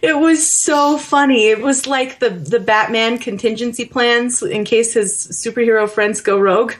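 Animated woman chatting about a game. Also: a little high, normal speed. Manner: animated, laughing, acts out characters. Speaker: podcast co-host. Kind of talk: casual chat about a video game.

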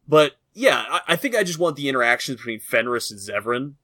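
A man's voice: medium pitch, sing-song, brisk, noisy background. A man co-hosting a casual podcast, rambling and joking as he talks. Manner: rambling and joking, laughs often. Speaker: podcast co-host.

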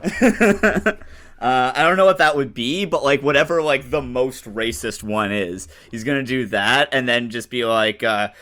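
A man chatting as a tabletop game player, his voice bright and forceful. He rambles through lots of fillers and restarts, breaking into laughs. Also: medium pitch, unhurried. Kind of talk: casual tabletop play.

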